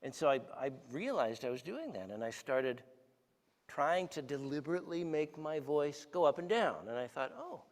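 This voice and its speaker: Pitched fairly high and animated, his voice moves at a moderate pace through a large church hall. The man, in his sixties, is a guest speaker giving a conversational sermon, telling stories and asking the audience questions.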